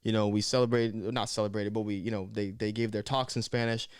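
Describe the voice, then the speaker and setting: Young man, vlogger, casual slangy storytelling, fast, dry close mic. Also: fairly low pitch, smooth, no room sound. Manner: slangy, animated, conversational.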